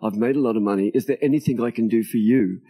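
Older man, dark mellow tone, slightly husky, storytelling interview guest, recorded outdoors. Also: mid-range voice, fast. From Australia. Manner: animated storyteller, acts out quoted dialogue, laughs often. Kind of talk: storytelling in conversation. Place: outdoors at a tropical home near a beach.

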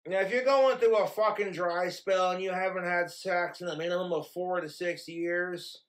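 Guy with a pretty high voice ranting crude and blunt into his camera, swears every other word. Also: steady tone, normal speed. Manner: profane, blunt and rambling. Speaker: vlogger. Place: home in Wyoming.

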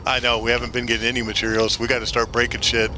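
A man's voice: medium pitch, completely flat delivery, racing, background noise. A man streaming a video game, chatting casually with a teammate, joking and swearing as he rambles along into a headset mic. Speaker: streamer playing an online shooter. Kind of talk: casual gaming chat.

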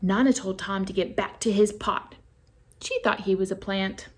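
Woman storyteller for a church kids' show, expressive picture-book read-aloud. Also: medium pitch, moderate pace. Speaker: children's ministry reader.

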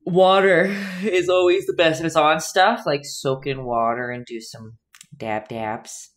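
This painting instructor and livestream host, a young woman, chats with viewers in the chat as she paints. Her voice sits low, with a steady tone and an unhurried pace.

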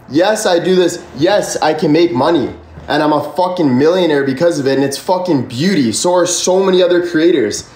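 A man's voice: on the high side, expressive, normal speed, hardly any pauses, darkish tone, echoey room. A young man hosting a casual livestream, talking passionately and swearing a lot as he rambles and answers chat. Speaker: livestream host. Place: room indoors. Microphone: phone or camera at a distance.

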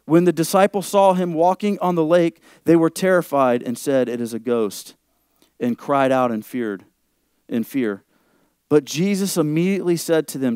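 A man preaching a church sermon in a fairly high voice. He checks in with his listeners often and climbs louder and higher when he drives a point home. The sound is dry and close. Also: moderate pace, clean tone, no echo. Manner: asks the congregation for agreement often. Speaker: pastor.

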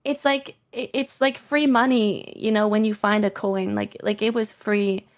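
A woman's voice: mid-range voice, fairly even intonation, measured pace. A young woman streaming, chatting casually and reading viewer messages aloud, often laughing and full of filler words.

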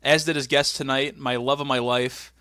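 A young male podcast host chats in a rambling, jokey way. His voice is bright and forward, recorded dry and close with no room sound. He sits at a middling pitch. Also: level tone, moderate pace, clean tone, no room sound. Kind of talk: casual chat.

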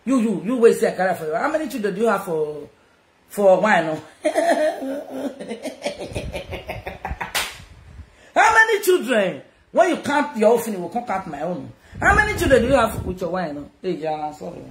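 A Nigerian woman chatting casually to her followers, loud and teasing, often laughing. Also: medium pitch, very animated, moderate pace. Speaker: social media personality. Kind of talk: casual self-recorded chat to followers. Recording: echoey room with faint noise.

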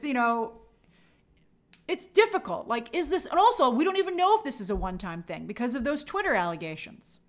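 Hosting a live stream, a woman reads viewer comments aloud and replies in casual commentary. Her voice is somewhat high and a bit bright, and she speaks emphatically and with animation.

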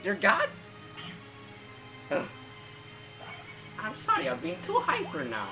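A woman with a high, gravelly voice and wildly swooping pitch speaks slowly while doing hyper let's-play commentary over game music. She shrieks and swears at the game as she plays.

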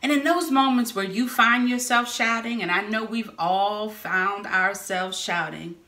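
A woman delivers a sermon at an unhurried pace, telling stories with lively bursts of shouting. Her voice is bright and forceful, and it rings in an echoey room. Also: medium pitch. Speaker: preacher. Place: church sanctuary or hall.

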